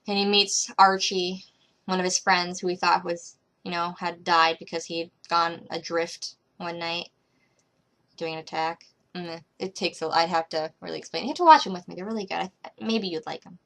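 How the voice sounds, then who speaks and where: A woman's voice: fairly low pitch, fairly even intonation, moderate pace, vocal fry. Rambling young woman vlogging casually. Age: young adult. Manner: rambling, with many fillers and restarts, trailing off quietly.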